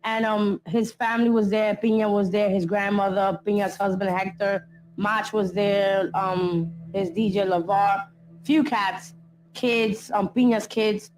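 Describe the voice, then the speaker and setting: A woman's voice: mid-range voice, fairly even intonation, a little slow, a little mellow, a little hiss or hum, poor audio. A woman, a documentary interviewee, recounting events in blunt, slangy street talk and acting out what others said. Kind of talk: casual recounting.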